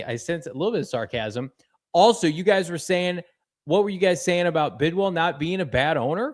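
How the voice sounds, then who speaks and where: A man with a slightly higher voice hosts a casual sports podcast. He talks with energy, reading fan messages aloud and teasing his co-host. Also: fairly quick.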